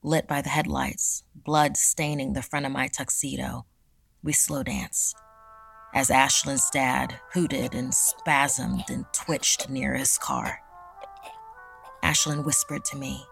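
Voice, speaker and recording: A woman narrating a first-person horror story in a steady, measured way. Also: a bass voice, creaky, soft background music.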